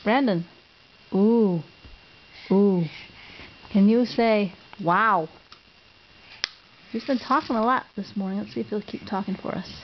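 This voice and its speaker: A woman's voice: medium pitch, measured pace, pauses often. A mother coaxing her toddler in exaggerated, sing-song baby talk at home. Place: home, on a bed. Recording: dull lo-fi home video with faint noise.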